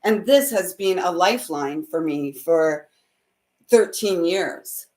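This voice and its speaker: A woman's voice: on the low side, expressive, slow pace. Emotional woman giving a spiritual card reading. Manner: heartfelt and emotional, laughs often; swings between soft and loud. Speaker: intuitive reader and host.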